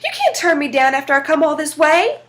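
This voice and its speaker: Sly, drawling old trickster man, woman narrator, high-voiced. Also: sing-song, a little fast, a bit bright. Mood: protesting.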